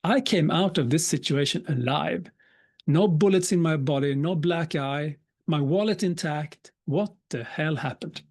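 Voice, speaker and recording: A man, giving a live talk as a speaker and telling a personal story with humor and quick asides. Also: fairly high pitch, a little mellow. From Sweden. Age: 50s. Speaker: keynote speaker.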